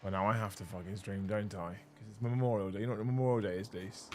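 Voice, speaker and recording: A hoarse middle-aged man hosting a casual livestream, chatty and self-mocking, swearing freely. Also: lowish voice, fairly even intonation, fast. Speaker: streamer host.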